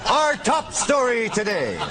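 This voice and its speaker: A man's voice: extremely high pitch, big pitch swings, unhurried, heavy background noise. A man reading silly news items as a mock anchorman in a comedy sketch.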